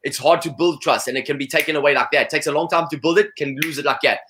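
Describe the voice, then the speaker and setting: A man's voice: fairly high pitch, steady tone, rapid-fire, sharp tone. A man being interviewed in a casual chat, talking with energy and saying "you know" a lot. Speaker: interview guest.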